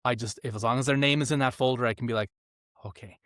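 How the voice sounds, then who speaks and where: Man, audiobook narrator, casual chat, self-mocking, animated anecdotes, dry recording. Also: mid-range voice, fast talker, dry recording. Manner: self-deprecating, animated storyteller. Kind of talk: casual long-form conversation.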